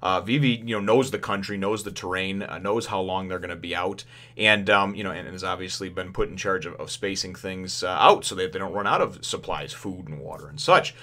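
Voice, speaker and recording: Here the man's voice is low, bright, and forceful, and his pace is brisk. Casually reviewing a manga chapter, he rambles with plenty of fillers, laughs during the retelling, and raises his voice to perform the characters' lines.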